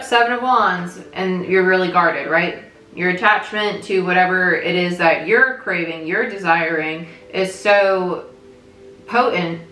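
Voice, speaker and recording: A woman's voice: on the low side, fairly bright tone, a little hiss or hum. A young adult woman giving a casual tarot reading, thinking aloud and often checking in with her listeners. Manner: chatty, thinks aloud, frequent "right?" check-ins. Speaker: tarot reader. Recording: echoey room with faint music.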